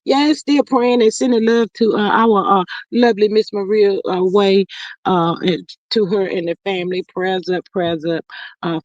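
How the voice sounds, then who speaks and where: A woman's voice: mid-range voice, a little mellow, no room sound, muffled recording. A woman hosting a casual livestream, reading viewer comments aloud and chatting with her audience. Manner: chatty, calls listeners "child" and "y'all". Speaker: livestream host.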